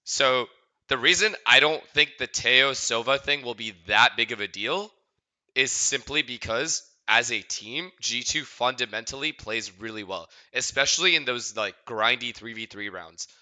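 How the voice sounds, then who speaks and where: Bright-voiced casual male streamer. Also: medium pitch, normal speed. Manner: casual, excitable, checks his mic aloud. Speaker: watch party streamer.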